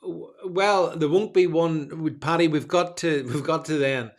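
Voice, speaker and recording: A man's voice: a little high, a little slow. A man hosting a casual panel discussion, rambling with many restarts and fillers. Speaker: host.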